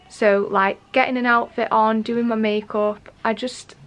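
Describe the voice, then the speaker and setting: Chatty young woman vlogging to camera. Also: on the high side. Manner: candid and chatty, talking straight to the camera. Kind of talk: casual vlog chat.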